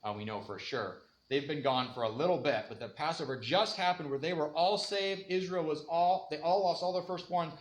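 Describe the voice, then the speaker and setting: A man's voice: on the high side, a little fast, few pauses. A man giving an informal, conversational Bible lesson in a church room, laughing often as he talks. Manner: conversational, laughs often, acts out quoted voices. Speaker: Bible teacher. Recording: echoey room with faint ambience.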